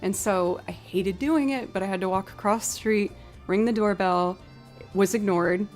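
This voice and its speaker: A woman's voice: mid-range voice, moderate pace, darkish tone, faint music behind. A woman chatting casually with her livestream viewers, telling a story and acting out both sides of the conversation. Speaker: livestream musician. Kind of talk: casual chat with live stream viewers.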